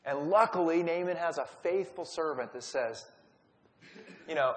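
A man's voice: fairly high pitch, moderate pace, pauses often. Storytelling man teaching in a hall. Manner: storytelling, acts out quotes. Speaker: Bible study teacher. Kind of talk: conversational Bible teaching. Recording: long hall reverb.

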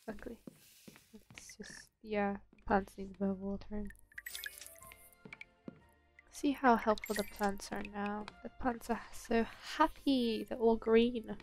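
A woman's voice: medium pitch, steady tone, slow pace, long pauses, a little mellow. A young woman gives casual, easygoing commentary as she plays a bakery game. She talks to herself and greets the in-game customers in a chatty way. Faint game music plays behind her voice. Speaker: gaming channel host.

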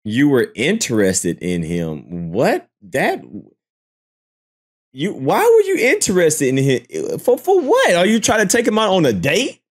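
A man reacting to clips on a live stream in casual commentary, mocking and animated, jumping into high squeals of disbelief. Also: measured pace.

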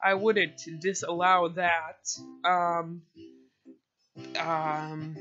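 Slow, hesitant young-sounding man, bright tone. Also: high-pitched, soft background music. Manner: hesitant, rambling, self-deprecating, with many fillers and restarts. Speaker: video creator summarizing a book. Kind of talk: casual rambling summary. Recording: dull lo-fi recording.

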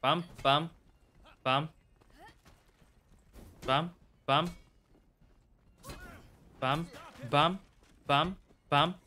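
A young man giving chatty live commentary while playing a game, excitable and bursting into shouts. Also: on the high side, extremely slow, pauses often. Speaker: live streamer.

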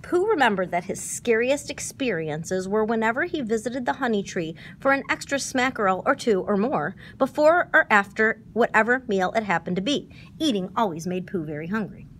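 A woman reading a children's storybook aloud, expressive in her narration. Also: on the high side, normal speed, hardly any pauses, slight background noise.

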